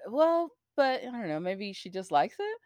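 A woman co-hosting a podcast in easygoing casual chat, opinionated and quick to laugh. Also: on the high side, sing-song, darkish tone, no echo, studio quality. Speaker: podcast co-host.

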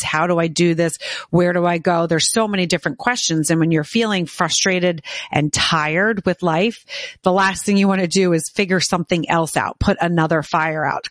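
A woman hosts an interview with a somewhat low voice. She asks empathetic questions, and her voice sounds dry and close. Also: dry recording. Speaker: host.

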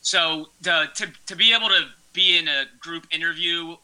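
Earnest young man with a bright voice. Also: a little high, normal speed, smooth, poor audio. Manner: earnest, hesitant, many fillers. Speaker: guest. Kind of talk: interview answers, casual chat.

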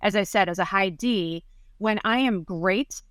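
A woman's voice: medium pitch, a little slow, a bit bright, no echo, studio quality. A woman who left dentistry to coach dental practices, talking candidly and emphatically in a podcast interview. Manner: candid, emphatic, quotes herself in conversation.

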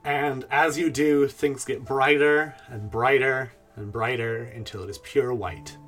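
A man runs a tabletop game and narrates the scene at an easy pace, filling gaps with little pauses. His voice sits in a middle range, with faint music under it. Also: mid-range voice. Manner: relaxed, with many "uh" pauses. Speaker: game master.

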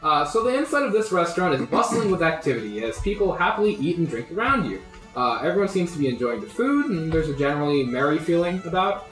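A man narrates as game master for a tabletop game, casual and full of "uh" and "like." His voice is a little high and a bit bright, very animated, and he talks fast. Faint music plays behind him in a roomy recording.

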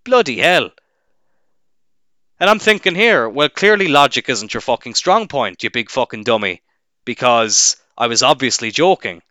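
A man's voice: medium pitch, lively intonation, normal speed, bright, forceful tone, no echo, clean studio sound. A young Irish man, a wrestling referee, in a casual, sarcastic and profane rant to camera. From Ireland.

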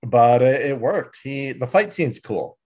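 A man's voice: medium pitch, expressive, measured pace, a little mellow. Joking man on a chatty podcast. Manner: joking, laughs often, fillers. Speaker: podcast co-host. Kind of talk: casual chat recap.

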